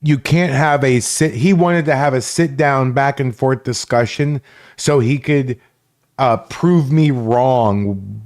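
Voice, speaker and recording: In a medium-pitched, slightly mellow voice, a livestream host rants at the people in his chat. The commentary is aggressive and laced with profanity.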